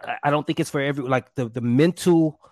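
A man, a stage performer, telling his story in a casual interview, animated and acting out voices. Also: a little high, quick pace, dry recording. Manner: animated, acts out quotes with shouts and pants.

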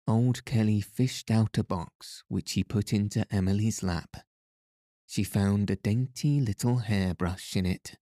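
Slow, mellow man reading a bedtime story. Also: lowish voice, dry recording, clean studio sound. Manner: calm, unhurried reading. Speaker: podcast narrator. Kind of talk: soothing bedtime story narration.

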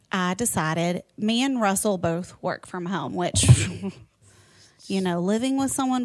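A woman's voice: mid-range voice, no echo. A woman in her thirties co-hosting a casual podcast chat, telling funny stories and laughing often. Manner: giggly, laughs often, animated storyteller. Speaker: podcast co-host.

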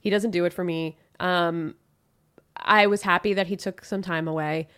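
A woman's voice: fairly low pitch, steady tone, moderate pace, a bit bright, smooth. A woman co-hosting a podcast, giving blunt opinions in casual chat with many fillers. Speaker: podcast co-host.

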